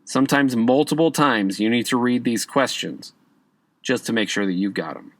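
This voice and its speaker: A man's voice: mid-range voice, normal speed, no room sound. Conversational man teaching test tips. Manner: conversational, repeats "okay?" to check in with listeners; stresses key words with emphatic rises. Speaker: podcast host and exam prep teacher. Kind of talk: casual instructional podcast talk.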